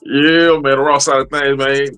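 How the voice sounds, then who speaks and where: A man's voice: mid-range voice, little pitch movement, moderate pace, a bit bright, clear, resonant tone, faint music behind. A man hosting a podcast, talking loosely with lots of slang and profanity. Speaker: podcast host. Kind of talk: casual podcast chat.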